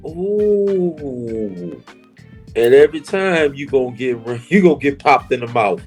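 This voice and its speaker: A man's voice: on the high side, lively intonation, measured pace, vocal fry, a little mellow, faint music behind. A man hosting a podcast, reacting to his guest's stories with short exclamations and laughs. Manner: reactive interjections, laughing along. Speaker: podcast host. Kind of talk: casual chat.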